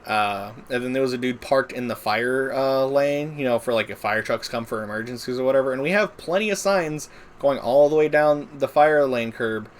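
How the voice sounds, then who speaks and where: A man's voice: mid-range voice, normal speed. Rambling, profane male streamer. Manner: rambling, filler-heavy, profane. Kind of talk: casual storytelling while gaming.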